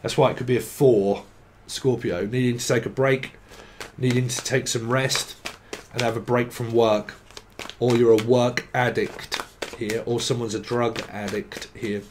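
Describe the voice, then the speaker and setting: A man's voice: medium pitch, fairly even intonation, measured pace, noisy background. A man giving a casual tarot reading, rambling and swearing, now and then breaking into sing-song chanting. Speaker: tarot reader. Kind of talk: casual psychic reading monologue.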